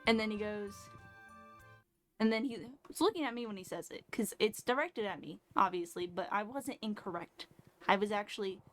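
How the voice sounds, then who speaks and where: A woman's voice: medium pitch, moderate pace, a bit bright. A woman in her twenties telling a story casually while streaming at home, blunt and sarcastic, swearing freely. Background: faint background music.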